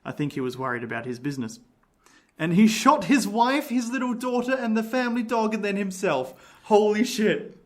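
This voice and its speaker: Brief: man, fairly high voice, reads aloud and chats easily as a podcast host. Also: animated, normal speed. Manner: reads aloud from a book, chatty and laughing. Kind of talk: casual chat and reading aloud.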